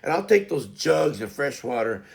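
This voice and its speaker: Gravelly man in his fifties rambling. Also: mid-range voice, very animated, moderate pace. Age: 50s. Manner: folksy, meandering, lots of fillers and restarts. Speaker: live stream host. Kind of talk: rambling casual chat.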